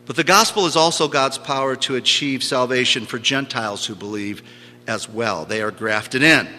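A man's voice: medium pitch, moderate pace, sharp tone. A man preaching a sermon, teaching emphatically and repeating key phrases for stress. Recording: long hall reverb.

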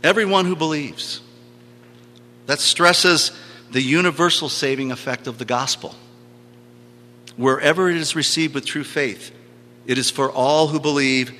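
A man's voice: mid-range voice, measured pace, bright, forceful tone. A man preaching a sermon, teaching emphatically and repeating key phrases for stress. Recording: long hall reverb.

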